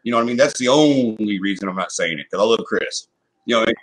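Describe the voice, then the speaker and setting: A man's voice: on the low side, quick pace, low-quality recording. A man co-hosting a casual talk show, speaking bluntly and heatedly, swearing and repeating "you know what I mean". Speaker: co-host. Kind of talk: casual chat.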